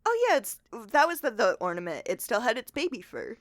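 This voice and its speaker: A woman's voice: a little high, very animated, fairly quick, no echo, studio quality. A woman co-hosting a podcast, sleepy and joking dryly in casual chat. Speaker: podcast co-host.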